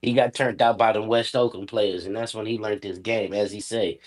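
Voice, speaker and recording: A man's voice: lowish voice, steady tone, normal speed, faint music behind. A man from the Bay Area chatting casually, telling stories in a loose, profane way. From California Bay Area. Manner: loose, profane, streetwise storytelling. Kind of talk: casual chat.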